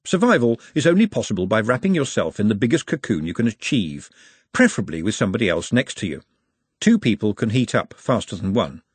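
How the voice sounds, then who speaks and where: A man narrates a storybook in a wry, even-paced way, his voice slightly husky. His pitch moves in a lively way through the sentences. The sound is close and dry with no room around it. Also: fairly quick, no room sound. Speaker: audiobook narrator.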